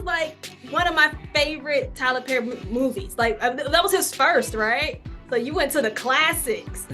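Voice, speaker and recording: A woman acting coach on a video call, her voice a little higher than usual, talking in a chatty, upbeat way. Music plays clearly behind her. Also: bright, forceful tone. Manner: chatty, upbeat, repeats words, laughs easily. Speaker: acting coach hosting a class. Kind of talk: casual encouraging wrap-up talk. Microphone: video call microphone.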